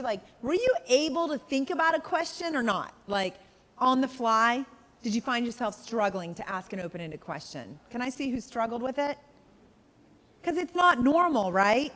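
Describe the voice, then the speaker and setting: A woman in her forties teaching a live sales workshop, chatty and full of questions for the room, often acting out quoted voices. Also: a little high. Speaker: sales trainer. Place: conference room with a live audience. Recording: reverberant training room.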